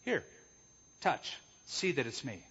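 A man voicing Jesus as a grown man, speaking gently and plainly to a doubting follower. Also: medium pitch, big pitch swings, slow pace, creaky, slightly rough, full character voice. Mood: gently reassuring. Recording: echoey hall, dull lo-fi sound.

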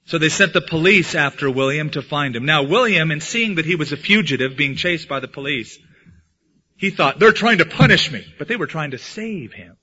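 A man preaching a sermon as pastor, swinging from loud emphatic lines to hushed ones. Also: fairly high pitch, expressive, normal speed. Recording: dull lo-fi sound.

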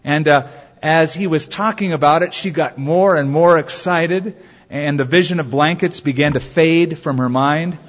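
A man pastor preaching a sermon, telling stories with drawn-out emphatic phrases. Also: fairly high pitch. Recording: dull sound in a reverberant hall.

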